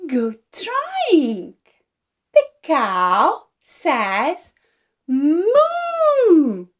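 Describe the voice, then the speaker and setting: A woman teaching babies to talk, speaking gently and slowly in single drawn-out words, with exaggerated animal sounds to copy. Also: high voice, huge pitch swings. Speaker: baby speech teacher. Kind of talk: slow modelled speech for babies.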